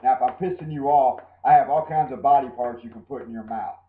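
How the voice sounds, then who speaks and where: A man's voice: mid-range voice, fast talker. A man, ranting angrily and profanely as a guest on a wrestling podcast while drinking. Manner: angry, swearing, drinking, loud and ranting. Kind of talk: profane heated rant. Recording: tinny phone-like audio in echoey room.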